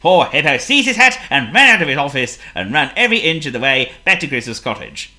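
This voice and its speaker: A storyteller reading a children's picture book aloud in a lively, theatrical way. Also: mid-range voice, a little fast. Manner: lively, theatrical, voices every figure.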